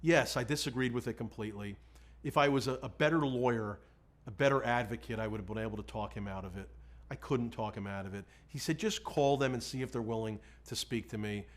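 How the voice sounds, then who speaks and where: A defense lawyer telling a story in an interview, candid and self-deprecating, often quoting himself and others. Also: male voice, medium pitch, a little fast.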